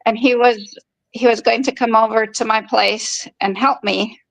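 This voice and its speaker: A woman's voice: on the high side, fairly even intonation, normal speed, vocal fry, no room sound, rough recording. A woman in her fifties telling a personal story in a frank, conversational way. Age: 50s. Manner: frank and conversational, acting out quoted dialogue. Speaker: podcast host.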